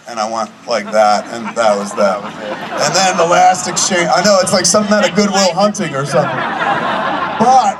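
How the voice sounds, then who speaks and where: A man in his forties telling a profane, chatty anecdote to a live audience at a film screening. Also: medium pitch. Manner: profane, chatty, acts out both sides of conversations. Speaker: guest speaker at a film screening. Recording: distant mic in a noisy venue.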